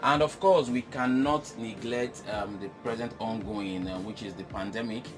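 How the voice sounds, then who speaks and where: Male business guest, animated and emphatic, clear music bed behind. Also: on the low side, moderate pace. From Nigeria. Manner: animated, emphatic, laughs often. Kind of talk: casual chat.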